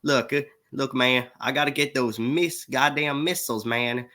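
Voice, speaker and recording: A man's voice: mid-range voice, normal speed, pushed and bright, lightly acted. Man doing a Southern drawl, swaggering tech arms dealer, folksy, brash.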